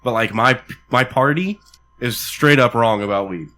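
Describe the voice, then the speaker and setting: A man's voice: medium pitch, normal speed, bright, forceful tone. A man hosting a casual podcast chat, talking animatedly and swearing a lot.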